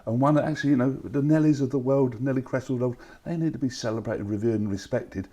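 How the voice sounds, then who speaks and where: A man's voice: mid-range voice, fast, dark tone. An older Cockney man speaks as a talk-show guest, passionate and emphatic. His tone is blunt and down-to-earth. He is speaking in a live studio. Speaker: festival organiser guest.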